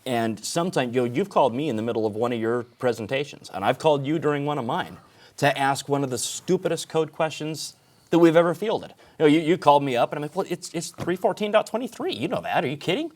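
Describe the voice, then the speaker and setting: A man's voice: a little high, expressive, quick pace, darkish tone. A man speaking earnestly in a casual panel discussion among instructors, restarting some sentences.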